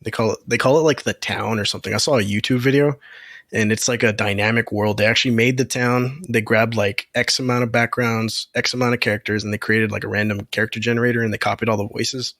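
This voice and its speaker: A man's voice: fairly low pitch, fairly even intonation, fast, fairly bright tone, no room sound, studio quality. A man co-hosting a podcast in casual chat, easygoing and agreeable as he tells a story. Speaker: podcast co-host.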